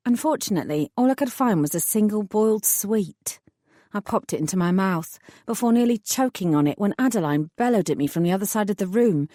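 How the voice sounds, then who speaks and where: A woman reading a first-person fantasy audiobook in a wry, measured storytelling manner. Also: medium pitch, mellow, dry recording, studio quality. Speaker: audiobook narrator.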